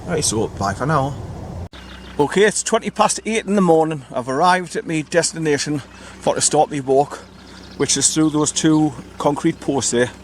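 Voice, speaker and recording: A man's voice: on the high side, moderate pace. Guy chatting to the camera outside by his car, spells out place names, bit of noise behind. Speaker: vlogger. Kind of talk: casual walking vlog narration. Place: outdoors beside a parked car in countryside.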